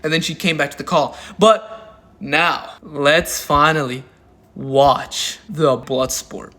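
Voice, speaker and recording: A man's voice: on the high side, fairly even intonation, slow, pushed and bright. A man doing drama commentary in a crude, mocking and heavily profane way. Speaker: commentary YouTuber.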